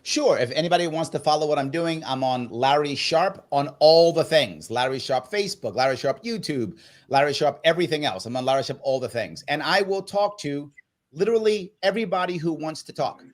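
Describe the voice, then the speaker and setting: Animated, emphatic man guest. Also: a little high, a little fast. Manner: emphatic, persuasive. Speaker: political guest. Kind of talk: interview conversation.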